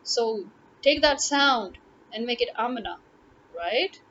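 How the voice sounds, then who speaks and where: A Pakistani woman vlogger with a Pakistani English accent delivers a casual opinion monologue to camera, exasperated and firing off rhetorical questions. Her voice is on the high side, expressive, slow, and fairly bright. The audio is dull and lo-fi with faint noise.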